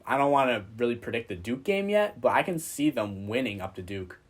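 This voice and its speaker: A man with an ordinary mid-range voice co-hosting a relaxed sports podcast. He answers in quick agreements and throws in sure-footed predictions about the teams. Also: mid-range voice. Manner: short agreements and confident sports opinions. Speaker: podcast co-host. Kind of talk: casual sports podcast chat.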